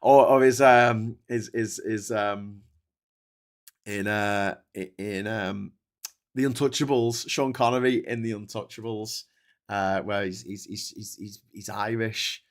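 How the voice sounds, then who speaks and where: A man's voice: on the low side, fairly even intonation, slow. A British man hosting a casual live stream, reading viewer comments aloud and wandering off on chatty tangents with frequent laughs and restarts. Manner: chatty, digressive, laughs often, stammering restarts. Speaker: host.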